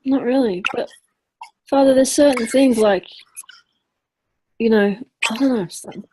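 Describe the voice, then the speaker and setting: A woman questioning her teacher, choked up and halting as she searches for words. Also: on the high side, dark tone, a little hiss or hum, rough recording. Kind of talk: personal sharing in dialogue.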